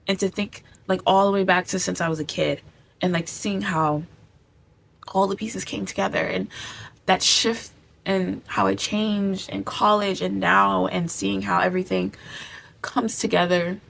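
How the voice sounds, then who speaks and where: A woman's voice: mid-range voice, fairly even intonation, a little slow, creaky, a bit bright. A young woman talking to camera in a personal vlog, gushing and repeating herself, close to tears at times. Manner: gushing, repetitive, tearful at times. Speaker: vlogger. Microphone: camera mic.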